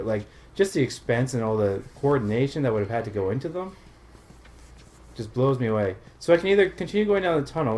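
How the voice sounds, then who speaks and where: A man's voice: medium pitch, a little mellow. Canadian man, mid voice, co-hosting a casual let's-play, chatty, laughs a lot. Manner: chatty, laughs often, gushing about films. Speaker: player and co-host.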